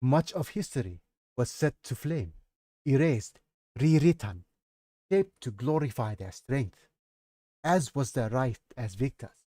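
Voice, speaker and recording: A man's voice: mid-range voice, expressive, unhurried, long pauses, dark tone, dry recording, clean studio sound. A man with a Nigerian accent reading his own fantasy novel aloud on a livestream, often stopping to comment on it. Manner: breaks off to comment and laugh at himself. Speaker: streamer and author.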